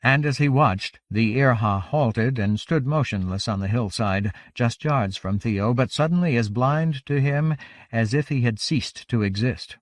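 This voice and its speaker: A male audiobook narrator reads in a measured, even way at a middle pitch. The sound is close and dry, with no room around the voice. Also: dry recording.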